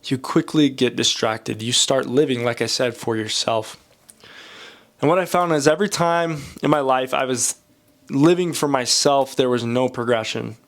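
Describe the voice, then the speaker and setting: A man's voice: mid-range voice, normal speed. Man with a stuffy nasal cold. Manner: candid, rambling, self-deprecating. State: sick, slightly nasal. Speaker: art channel host. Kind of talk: casual vlog monologue while drawing.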